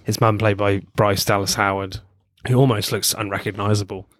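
A man's voice: on the low side, level tone, a little fast, a bit bright, no echo, clean studio sound. A man in casual film chat, laughing often, swearing freely and acting out favourite lines.

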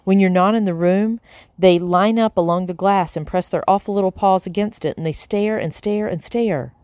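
A woman's voice: medium pitch, normal speed, a little mellow, dry recording, studio quality, natural voice. A woman doing a fretful, gloomy young woman.

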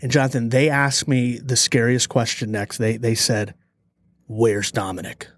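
A man co-hosting a podcast, telling a story in a lively, dramatic way. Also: mid-range voice, dry recording. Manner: animated storyteller, dramatic pauses. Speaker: podcast co-host. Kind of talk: casual storytelling chat.

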